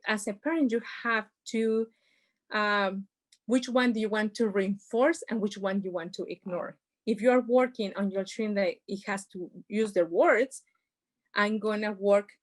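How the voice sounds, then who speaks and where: A woman giving an informal workshop talk on parenting over a video call, explaining with everyday examples in non-native phrasing. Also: medium pitch. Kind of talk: informal presentation.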